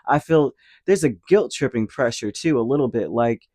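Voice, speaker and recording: Guy doing a chatty tarot reading, mid-pitched voice, lots of filler, dry sound. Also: lively intonation, normal speed, warm tone, dry recording. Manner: rambling, filler-heavy, acts out little imagined quotes. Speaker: tarot reader. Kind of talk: casual tarot reading monologue.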